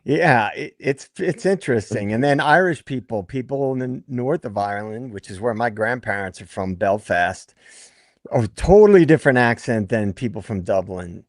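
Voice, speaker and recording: A man's voice: medium pitch, lively intonation, normal speed, no echo, studio quality. A man from Brooklyn on a live stream panel, chatting and telling anecdotes. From Brooklyn, New York. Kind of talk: casual panel chat.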